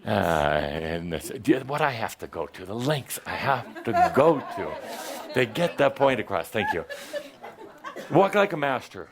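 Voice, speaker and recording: A man's voice: lowish voice, very animated, measured pace, a crowd in the background. A man giving a playful, theatrical spiritual talk to a live audience, joking and full of asides.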